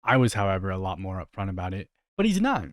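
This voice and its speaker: Low-voiced young man, dry close commentary. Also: sing-song, quick pace, no room sound. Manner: critical, incredulous, conversational. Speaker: commentary host reacting to a video. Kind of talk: casual reaction commentary.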